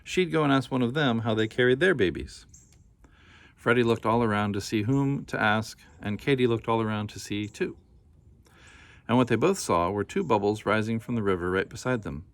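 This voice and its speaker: A man reading a children's picture book aloud in a gentle, unhurried way, with casual asides. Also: on the low side, vocal fry, dry recording.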